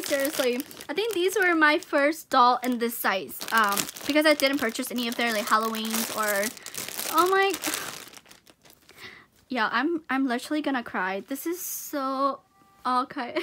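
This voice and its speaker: A young woman with a high, bright voice talks through an unboxing in a casual vlog. She gushes and giggles over each item, excitable and chatty. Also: measured pace. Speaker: vlogger unboxing gifts.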